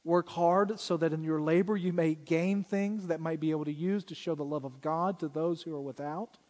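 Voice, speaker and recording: A high-pitched male pastor preaching in a church sanctuary, his voice trailing off into a long hall reverb. He speaks earnestly and directly, and picks up volume and speed as he tells stories. The tone is that of a Sunday sermon. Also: fairly even intonation. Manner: earnest, direct preaching that gets louder and quicker when retelling a story.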